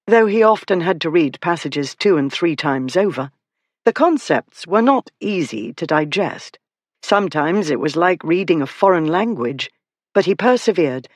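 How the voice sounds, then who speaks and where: An audiobook narrator reading a historical romance in measured, expressive scripted narration. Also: medium pitch, no echo.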